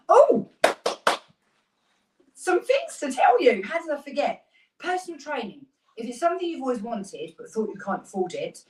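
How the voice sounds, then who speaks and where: A British woman in her thirties, a fitness instructor chatting upbeat through a live workout class, with rambling asides. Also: medium pitch. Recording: roomy sound, mic at a distance.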